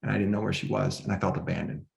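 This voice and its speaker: A man's voice: sits low, fairly even intonation, racing, gravelly, roomy sound. A man recounting a personal story in conversation, with an emotional, restless delivery full of restarts and quoted dialogue. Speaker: podcast guest. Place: indoor room at home.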